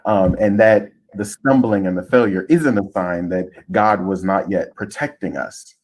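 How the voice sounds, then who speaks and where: A man hosting an interview, asking measured, probing questions. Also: fairly low pitch, a little mellow. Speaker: host.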